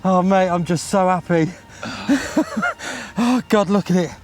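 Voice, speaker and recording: A man from England chatting excitedly at a lakeside, laughing and cheering in sing-song bursts. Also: high-pitched, a little fast. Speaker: angler, show regular. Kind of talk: excited casual chat on camera. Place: outdoors at a lakeside. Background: music.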